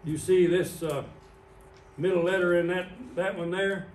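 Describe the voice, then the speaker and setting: Slow pastor in an echoey church. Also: male voice, high voice, steady tone, slight background noise. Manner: explains slowly, pointing out words on a screen. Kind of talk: evening sermon with Bible teaching. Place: church sanctuary. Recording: roomy church sound from a distant mic.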